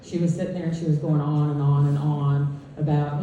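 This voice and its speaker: A woman performing stand-up on a club stage, telling stories with deadpan punchlines. Her voice is low and mellow. The sound is very echoey and picked up from a distance. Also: fairly quick, highs cut off. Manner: conversational storytelling, deadpan punchlines. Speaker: stand-up comedian. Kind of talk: stand-up comedy set. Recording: echoey club heard from far off. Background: audience laughter.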